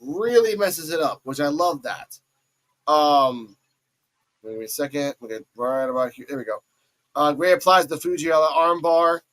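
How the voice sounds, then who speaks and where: A fairly high-voiced man runs through a wrestling match move by move. He gets animated, jumping into squeaky put-on voices whenever he quotes someone. He talks like a host holding the floor on his own show. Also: moderate pace, low-quality recording. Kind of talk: excited play-by-play recap.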